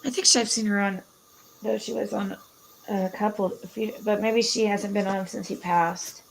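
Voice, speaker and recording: A woman's voice: mid-range voice, steady tone, normal speed, creaky, slight background noise, low-quality recording. A woman in casual conversation, talking in a hesitant, rambling way that keeps trailing off. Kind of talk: casual chat.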